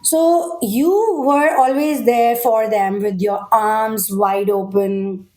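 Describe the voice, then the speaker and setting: A woman talks through a collective tarot reading in a direct, reassuring way. Her voice sits on the higher side. She keeps checking in with "okay?" as she goes. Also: slow pace, darkish tone. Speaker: tarot reader.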